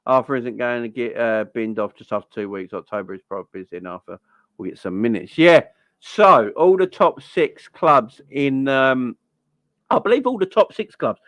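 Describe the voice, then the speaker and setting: A young man hosting a casual football fan livestream, chatty and giving shout-outs to viewers. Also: mid-range voice, lively intonation, moderate pace, no room sound.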